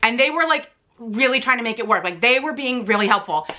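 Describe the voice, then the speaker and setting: A woman's voice: a little high, expressive, a little fast, pushed and bright, a little hiss or hum. A woman telling a storytime vlog, exasperated and in pain, retelling a bad week with lots of "like" and some swearing. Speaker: vlogger. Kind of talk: casual storytime rant.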